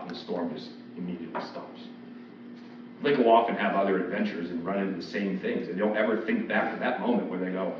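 Quick-paced and deep-voiced, a pastor preaches an expository sermon loosely and conversationally, acting out the voices he quotes. The sanctuary recording is echoey, distant and dull, with slight hiss or hum.

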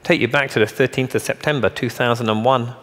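A man's voice: medium pitch, fairly even intonation, fast, fairly bright tone. A man giving a motivational keynote speech on stage, punchy and emphatic, with joking asides and rhetorical questions. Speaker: keynote speaker. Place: large conference hall. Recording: long hall reverb.

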